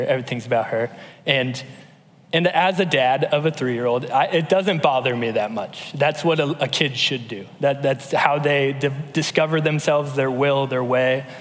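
A man in his thirties giving a conversational sermon, telling stories in a relaxed way with frequent fillers and restarts. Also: mid-range voice. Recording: long hall reverb.

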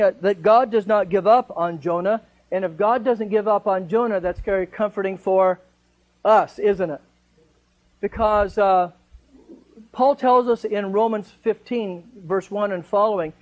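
A man's voice: sits high, rough recording. A man leading a Bible study, teaching in a conversational way and asking the group rhetorical questions.

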